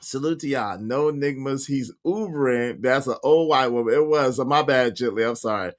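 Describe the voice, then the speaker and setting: Animated man hosting a live chat. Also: mid-range voice, moderate pace. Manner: animated, laughs often, slangy and emphatic. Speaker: livestream host reading viewer comments. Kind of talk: casual chat.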